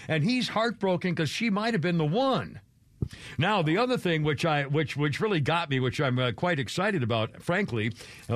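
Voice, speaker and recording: A man's voice: on the high side, no room sound. An older man hosting a radio show, rambling through a self-deprecating chat with chuckling asides.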